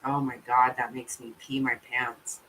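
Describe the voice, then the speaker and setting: This female streamer has a bass voice with a bright, sharp edge and a level tone, and she answers her live chat's comments bluntly, with plenty of swearing and easy laughter. A faint hiss or hum runs under the audio, and her distance from the mic makes her sound a bit remote.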